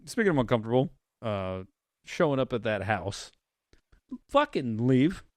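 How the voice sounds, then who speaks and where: Casual swearing podcast host, dry mic. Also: male voice, mid-range voice, big pitch swings, moderate pace, dry recording. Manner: rambling, swears, retells scenes. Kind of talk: casual chat.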